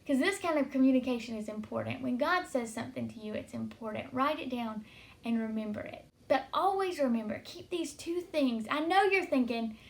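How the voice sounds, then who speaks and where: Woman, high-pitched, devotional teaching, earnest, storytelling, encouraging. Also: animated, brisk, gravelly. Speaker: Christian teacher.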